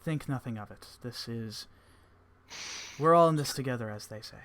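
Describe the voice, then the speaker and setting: A man's voice: mid-range voice, normal speed, fairly bright tone, close to an everyday voice. A man voicing a polite female robot who speaks formally. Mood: courteous. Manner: courteous and formal.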